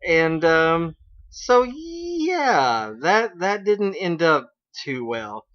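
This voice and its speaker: A man with a somewhat high voice chats loosely through a dull, lo-fi stream. He rambles on with plenty of fillers and restarts, breaking into quoted lines as he goes. It comes across as a casual internet radio broadcast. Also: sing-song, extremely slow, a bit bright. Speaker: radio show host. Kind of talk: casual chat recapping an anime episode.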